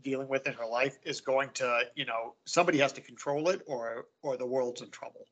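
A man's voice: mid-range voice, steady tone, a little fast, fairly bright tone, muffled recording. A man co-hosting a comic book podcast, talking in a loose, rambling way that is full of "you know" and "right?". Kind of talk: casual chat.

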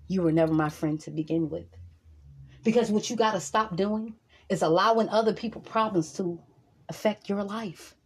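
Woman vlogger, husky voice, emphatic and profane, sermon-like repetition. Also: medium pitch, a little mellow. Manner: repeats lines for emphasis. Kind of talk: motivational monologue to camera.

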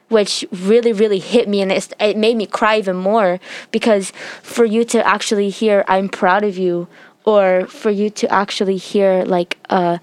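A woman's voice: medium pitch, fairly even intonation, normal speed, no echo. A teenage girl sharing an emotional personal story, talking with lots of fillers and sometimes close to tears. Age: teens. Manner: heartfelt, tearful at times, many fillers.

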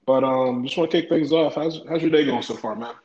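A man's voice: medium pitch, brisk, a little mellow. A man hosting his first casual podcast, talking in a laid-back, rambling way with lots of fillers. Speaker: podcast host. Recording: dull, roomy home recording with faint hiss.

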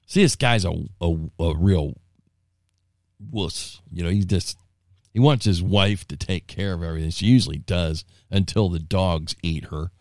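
A man with a very low, gravelly voice gives an informal Bible teaching, retelling scripture in his own words. He rambles a little, with asides and restarts, in a folksy storytelling way. The sound is dry and close, with no room echo. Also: measured pace. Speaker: preacher.

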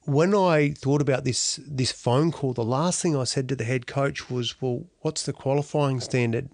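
Animated Australian man telling a story. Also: mid-range voice, dry recording, studio quality. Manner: animated, slangy, self-deprecating storyteller. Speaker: former Paralympic athlete. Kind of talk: storytelling talk.

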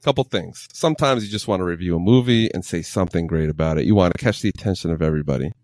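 A man's voice: low-pitched, racing, a little mellow, no room sound, clean studio sound. A man co-hosting a podcast, chatting about a film in a playful, rambling way. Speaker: podcast co-host. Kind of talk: casual film chat. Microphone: desk microphone.

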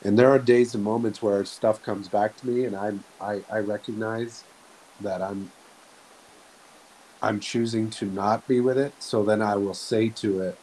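Low-voiced guy musing softly about spiritual stuff, slow and earnest, faint hiss behind. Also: fairly even intonation, rough recording. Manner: slow, soft-spoken, earnest, with frequent restarts. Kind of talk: reflective spiritual talk.

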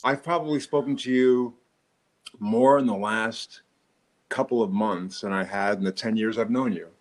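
A man's voice: lowish voice, normal speed, low-quality recording. A middle-aged man co-hosting a casual chat podcast. He tells stories with jokes and heavy emphasis. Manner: animated storyteller, jokey, exaggerated emphasis. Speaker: podcast co-host.

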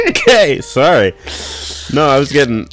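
Young guy goofing around on a podcast call, kinda high voice, faint music behind. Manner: goofy, giggly, joking around. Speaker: podcast co-host. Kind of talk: casual chat.

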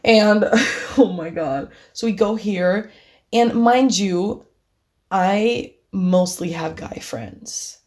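A woman's voice: medium pitch, drawn-out words, darkish tone. A young woman casually telling a personal story, laughing often and acting out what each person said. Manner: chatty, laughing often, acting out both sides of a conversation.

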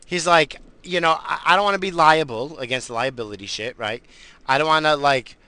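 A man's voice: a little high, moderate pace, sharp tone, clean tone, dry recording. A man hosting a podcast, rambling through a profane casual rant, swearing constantly and stammering on his restarts. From family from the Azores. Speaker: podcast host.

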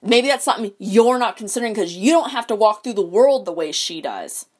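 A woman's voice: medium pitch, big pitch swings, brisk, darkish tone, husky. A young woman in a casual, rambling rant, swearing often and full of fillers and restarts. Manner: profane, rambling, many fillers.

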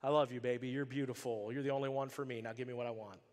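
A man voicing a smooth-talking, manipulative boyfriend with a low, crooning manner. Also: steady tone, fast talker, a little mellow, in a large hall, close to an everyday voice.

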